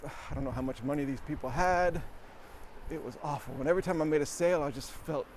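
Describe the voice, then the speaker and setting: A man's voice: on the high side, fast talker, a little hiss or hum. Breathless man chatting on a bike. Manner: rambling, self-deprecating, chuckling. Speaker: vlogger. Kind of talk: casual storytelling while cycling. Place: outdoors on a city street, riding a bike.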